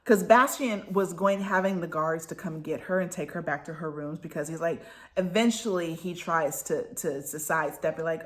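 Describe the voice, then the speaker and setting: A woman vlogger recapping book chapters in a casual chat, excitable and gushing as she tells the story. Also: deep voice, moderate pace.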